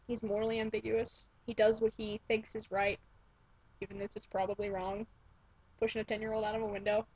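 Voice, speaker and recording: In a casual home webcam vlog, a young woman gushes and swears, constantly breaking off mid-thought. Her mid-range voice is level, fairly quick, a bit mellow and husky. The lo-fi webcam audio has no echo.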